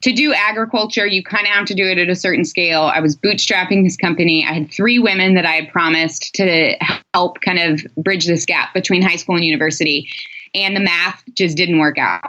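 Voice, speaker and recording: A woman's voice: fairly low pitch, brisk, pushed and bright, lo-fi sound. A young woman and podcast guest, telling a self-mocking story in casual chat.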